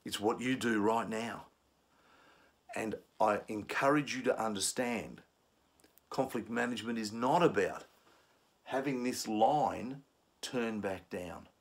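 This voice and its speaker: A man's voice: lowish voice, takes it slowly, pauses often. A man giving a conflict management lesson, explaining steps and acting out angry commuters. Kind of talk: instructional talk.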